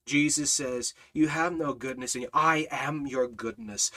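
A man leading a Bible study as a sermon, dropping to hushed low passages and building to loud, high-pitched preaching. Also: steady tone, unhurried, few pauses. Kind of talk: impassioned sermon.

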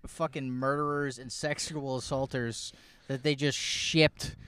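A man's voice: medium pitch, fairly even intonation, a little slow, background noise. A man co-hosting a podcast, trading crude banter full of profanity and mock outrage. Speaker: podcast co-host. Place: inside a car.

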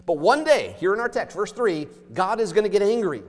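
Male pastor, emphatic sermon delivery, fairly high voice, big echoing sanctuary. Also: expressive, fairly quick. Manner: emphatic preaching, swinging between loud and hushed. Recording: long hall reverb.

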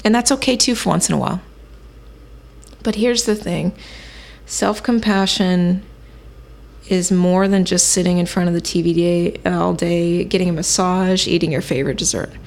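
A woman hosting a self-help podcast, teaching in a calm, measured way and thinking aloud with occasional fillers. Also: fairly low pitch, gravelly. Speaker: podcast host.

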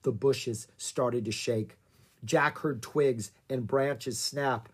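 A reader narrating a children's adventure book at an unhurried pace. The voice is soft and breathy, and the telling stays calm and even. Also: mid-range voice. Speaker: audiobook reader.

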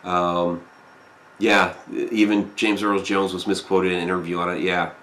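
A man with a somewhat low voice talks casually to his live audience. He rambles, pauses on fillers and reacts to viewer comments as he reads them. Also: level tone, a bit bright. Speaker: live stream host.

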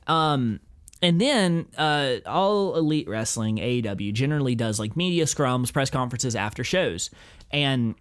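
A young man hosting a podcast, telling a story in a profane, rambling, excitable way. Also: mid-range voice, a little slow, clean tone. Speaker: podcast host. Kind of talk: casual chat.

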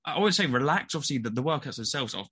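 A man's voice: medium pitch, expressive, fast, sharp tone, husky. A man hosting a casual podcast interview, asking questions in a chatty way with plenty of fillers. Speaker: podcast host.

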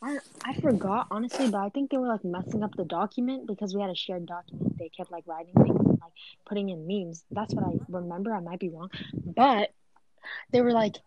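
A woman's voice: medium pitch, brisk, warm tone. Hesitant woman over noisy clicks. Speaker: podcast co-host. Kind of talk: casual storytelling chat.

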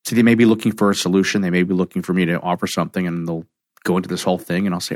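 A man's voice: low-pitched, fast, dry recording, studio quality. A middle-aged man, a counselor, talking reflectively about emotional triggers and acting out quoted conversations. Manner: animated storyteller, acts out quoted dialogue.

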